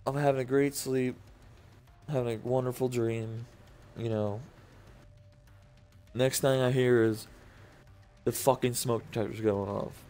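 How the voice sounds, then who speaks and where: A man's voice: mid-range voice, darkish tone. A tired young man hosting casual gameplay commentary, profane and cranky, swearing constantly. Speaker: gaming channel host.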